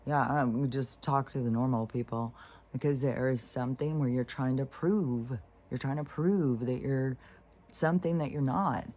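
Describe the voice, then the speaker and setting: A woman in a casual vlog monologue, talking candidly and rambling, with pauses and restarts. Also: rumbling low, warm tone. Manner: candid, rambling, mocks serene voices in breathy whispers. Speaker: vlogger.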